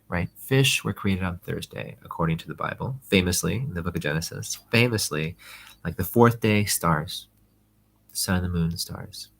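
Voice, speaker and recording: Low, gravelly male teacher, rambling conversational lesson style. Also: normal speed. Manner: rambling, conversational, many fillers. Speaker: Torah teacher. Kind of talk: casual religious text lesson.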